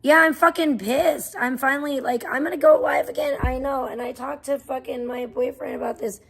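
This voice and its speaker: A woman livestreaming, ranting in a profane, defensive way that swings between muttering and loud outbursts. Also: high voice, steady tone, normal speed, creaky. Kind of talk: casual livestream rant.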